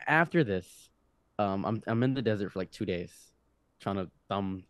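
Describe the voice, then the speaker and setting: A young man in his twenties, a podcast guest telling a story in casual conversation, animated and often restarting his sentences. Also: on the low side, moderate pace, smooth, dry recording. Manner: animated, with frequent restarts and acted-out quotes.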